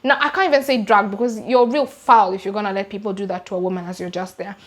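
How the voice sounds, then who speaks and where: A young Kenyan woman with a Kenyan English accent recounting a true-crime case in an animated, slangy, emphatic way. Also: mid-range voice, fast talker. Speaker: YouTuber. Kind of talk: true-crime storytime vlog.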